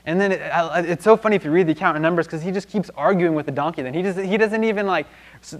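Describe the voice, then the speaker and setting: A man's voice: sits high, racing. A man teaching a Bible lesson in a loose, conversational way, with many restarts and fillers.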